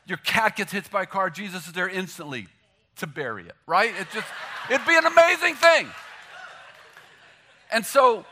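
A man preaching, his voice pitched high and bright. He jokes freely, pushes his punchlines out loudly, then drops to a near hush to land a point. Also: moderate pace, pauses often, slight background noise. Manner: animated, joking, shifts from loud punchlines to hushed emphasis. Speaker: pastor. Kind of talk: sermon.

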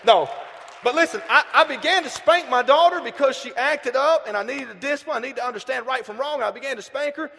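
Southern male preacher, 30s, high voice, animated storyteller, long church-hall reverb. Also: fairly quick, vocal fry. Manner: animated, shifts from loud bursts to hushed asides. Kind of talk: storytelling sermon.

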